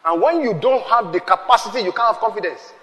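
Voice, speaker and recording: A man, preaching a sermon with emphatic, shouted peaks and call-and-response with the congregation. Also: high voice, animated, fast talker, big-room sound. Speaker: pastor.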